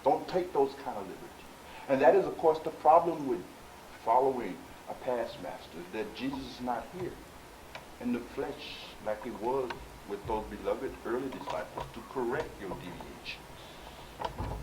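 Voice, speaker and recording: Addressing the people in front of him at a normal pace, a male spiritual teacher delivers a sermon-style lecture in a meeting room full of listeners, keeping it conversational. His volume swings from hushed side remarks up to forceful, emphatic urging. Faint hiss sits under the reverberant, roomy sound.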